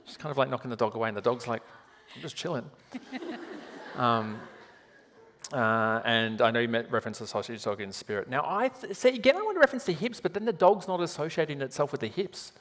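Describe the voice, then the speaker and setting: A man's voice: mid-range voice, very animated, fairly bright tone, slight background noise. An Australian man doing a live medium show in a theatre, rambling and joking at himself between readings. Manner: rambling, self-mocking, quick asides. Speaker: psychic medium on stage. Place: large theatre hall. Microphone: handheld microphone. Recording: hall reverb.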